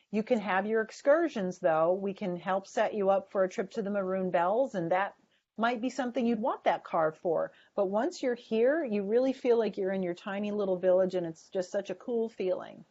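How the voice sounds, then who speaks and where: A woman's voice: medium pitch, a little mellow. Woman coaching a sales webinar, lo-fi. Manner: emphatic, coaching tone. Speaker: sales trainer. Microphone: video call. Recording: dull lo-fi webinar audio.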